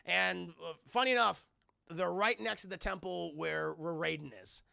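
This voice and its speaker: A man streaming a live film review, recapping scenes sarcastically for his chat with swearing and quick mock impressions of the characters. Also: high voice, vocal fry, dry recording, clean studio sound. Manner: sarcastic, animated retelling with profanity.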